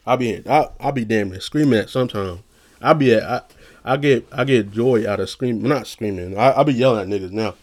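A man talking casually on his own vlog in a loose, rambling way, often saying "you know what I'm saying". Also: a little fast. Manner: low monotone voice that he says he projects; loose, restarting, swears casually. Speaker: vlogger; retail worker.

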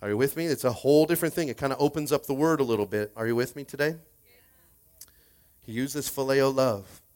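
A man pastor preaching a casual, conversational sermon, repeating his words and coaxing the congregation to respond. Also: fairly quick. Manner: acts out quoted voices with shifts in pitch and loudness.

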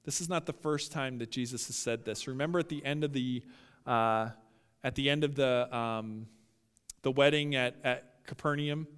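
A male pastor preaching a sermon, emphatic and building to loud peaks as he talks straight to his listeners. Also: medium pitch, moderate pace, smooth, long reverb tail.

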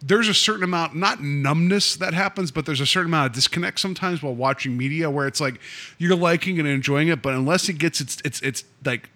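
A man's voice: quick pace, pushed and bright. A man co-hosting a podcast, talking about films in a loose, rambling way, with many restarts, acting out quoted lines. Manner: acts out quoted lines with raised pitch. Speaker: podcast co-host. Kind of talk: casual film discussion.

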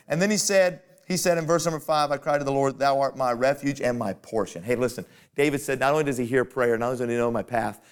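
A man preaching a sermon to fellow pastors in a folksy, conversational way that climbs to emphatic peaks. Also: a little high.

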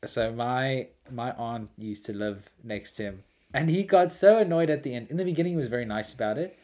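A man telling prank-call stories in casual chat, animated and laughing often. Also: mid-range voice, fairly quick. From South Africa.

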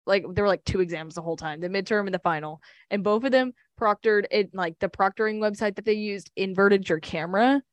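A woman's voice: medium pitch, fairly quick, few pauses, no echo. Young woman, casual podcast chat, rambling, fillers, dry room. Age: young adult. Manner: chatty, fillers, laughs often. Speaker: podcast co-host.

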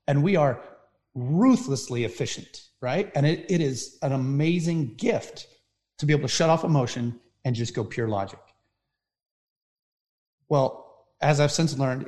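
A middle-aged man talks as a firefighter sharing his stories. He keeps checking in with his listener, punctuating points with "right?". His voice sits at an ordinary middle pitch. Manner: animated storyteller, frequent "right?" tags. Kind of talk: storytelling talk.

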